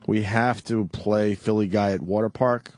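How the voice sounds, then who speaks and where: Laid-back low-voiced radio host. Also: male voice, steady tone, normal speed, darkish tone, no echo. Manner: laid-back, steering the talk. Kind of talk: casual radio chat. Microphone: studio microphone.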